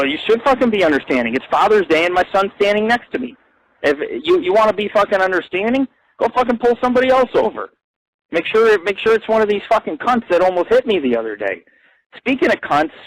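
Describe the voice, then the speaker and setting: A young man with a fairly high voice rants crudely on his own internet radio show. His talk swings between low grumbling asides and loud, heated outbursts. The sound is dry and close, with no room around it. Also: dry recording, poor audio. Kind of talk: profane rambling monologue.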